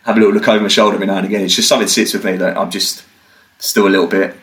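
A man's voice: lowish voice, very fast, poor audio. Young British man telling a story. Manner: swearing, animated, acts out quotes. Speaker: podcast guest. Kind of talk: casual storytelling.

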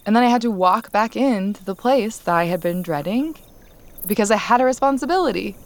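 A woman hosting a podcast tells a long personal story in a loose, candid way. She slips into other people's voices for quoted lines and laughs between them. Her pitch sits in a middle range. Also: fairly quick, no room sound. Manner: candid, animated, laughs while telling. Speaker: podcast host. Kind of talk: casual storytelling chat.

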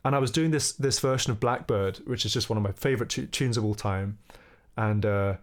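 A man's voice: fairly low pitch, a little fast. Man, young adult, musician guest, reflective conversational storytelling, breaks into song snippets. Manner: animated, sings snippets of melody while telling the story.

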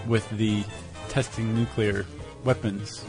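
A man's voice: on the low side, little pitch movement, slow pace, music in the background. Wry, chatty male podcast host. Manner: friendly, wry banter. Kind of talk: casual podcast chat.

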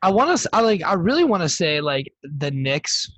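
A man co-hosting a podcast in casual chat, animated and full of restarts and hesitations. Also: fairly high pitch, normal speed, no echo. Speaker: podcast co-host.

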